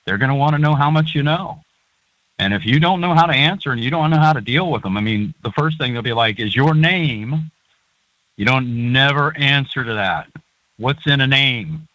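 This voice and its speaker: A man's voice: mid-range voice, lively intonation, brisk, fairly bright tone, no echo. A man speaking as a guest on a talk show, earnest and rambling, with plenty of fillers. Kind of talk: call-in talk show chat. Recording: dry, dull lo-fi line.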